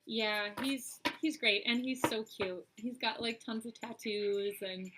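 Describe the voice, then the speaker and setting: A woman's voice: a little high, steady tone, takes it slowly, background noise. A woman hosting a live-streamed oracle card reading, chatting straight to her viewers with frequent "um"s.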